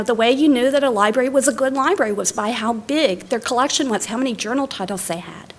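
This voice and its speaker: A woman's voice: fairly high pitch, fairly bright tone. A middle-aged woman giving a lecture as a library director, telling stories in a conversational way with fillers and restarts. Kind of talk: academic lecture with personal stories. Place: lecture hall.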